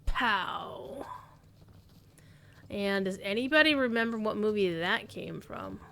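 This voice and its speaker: A woman's voice: medium pitch, animated, normal speed, fairly bright tone, smooth. A woman streaming a game, chatting casually and rambling as she thinks aloud. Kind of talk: casual gaming stream chat.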